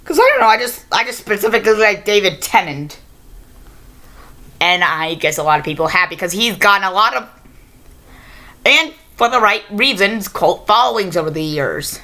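A woman's voice: medium pitch, animated, normal speed, pauses often, pushed and bright. A woman hosting a casual, improvised video review, rambling and correcting herself as she goes. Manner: rambling, unscripted, self-correcting.

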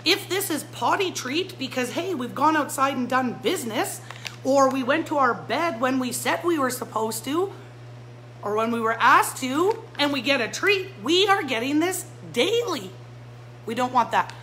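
A woman's voice: high-pitched, expressive, moderate pace, a bit bright, slight background noise, rough recording. A woman who runs a pet store, giving a fired-up live-stream talk straight to her viewers. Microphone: phone or camera mic.

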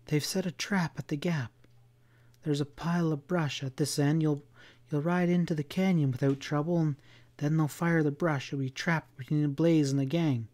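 A man's voice: a little high, expressive, normal speed, a little mellow, voice pushed up. A stubborn young frontier woman who pleads urgently and turns bitter in a western audiobook, as a male narrator lifts his voice for her. Her voice sits well above the narrator's own.

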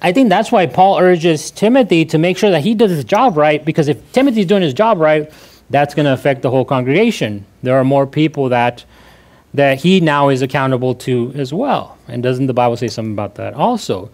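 Man, pastor, sermon in church, conversational, repeats key lines, restarts sentences, higher-pitched voice. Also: lively intonation, fairly quick, darkish tone.

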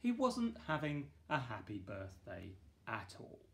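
A man, the author, reading his children's picture book aloud in a playful, lively way with bursts of excited exclamations. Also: medium pitch, measured pace, vocal fry. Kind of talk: children's storybook read-aloud.

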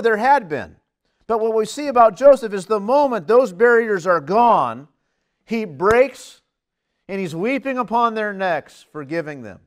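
Male preacher with a high voice, earnest and emphatic, mid-sermon. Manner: earnest, emphatic, lively swings in pitch and loudness.

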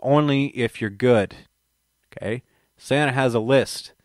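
A man's voice: medium pitch, a little slow, dry recording, studio quality. Man reading an audiobook, then rambling. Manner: rambling, joking self-banter. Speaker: channel host reading an audiobook. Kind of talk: audiobook reading with casual chat.

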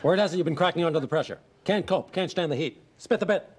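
An actor playing a blustery baseball team owner who rattles off boasts in quick bursts, in a sitcom. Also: male voice, on the high side, background noise, natural voice. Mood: breezy boasting. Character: blustery rapid-fire baseball team owner, middle-aged man. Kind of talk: sitcom acting. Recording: studio audience laughter behind.

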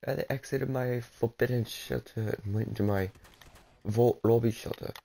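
Gravelly-voiced male gamer chatting to himself. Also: mid-range voice, steady tone, normal speed, mellow. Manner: jokey, talks to himself while playing. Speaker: streamer. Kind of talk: casual gameplay commentary.

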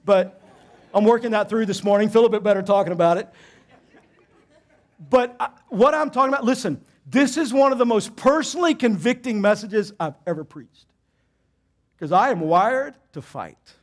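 A middle-aged man, a pastor, preaching a sermon with animated, emphatic storytelling and self-deprecating humor. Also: high voice, normal speed.

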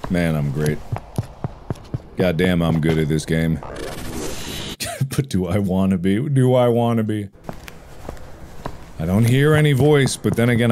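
Excitable man narrating his own gameplay. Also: deep voice, noisy background. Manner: excitable, reacting aloud while playing a horror game. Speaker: gaming video host. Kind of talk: let's play commentary.

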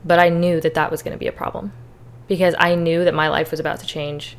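A woman's voice: low voice, little pitch movement, fast. A young woman hosting a podcast, candidly telling her personal faith testimony, emotional and on the verge of tears. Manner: candid, earnest, emotional at times. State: tearful. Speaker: podcast host.

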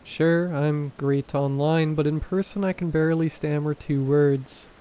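Mellow, flat-voiced male horror narrator. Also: a little high, a little slow, poor audio. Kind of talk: scripted narration.

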